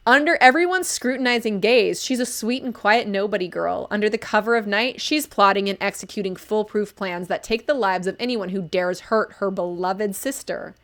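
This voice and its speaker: A young woman chatting on a live stream, full of gushing enthusiasm and filler words. Her pitch sits in an ordinary middle range. She reads bits aloud and then breaks into eager, rambling reactions. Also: moderate pace, few pauses, a bit bright. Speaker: livestream book reviewer. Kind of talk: casual live-stream commentary.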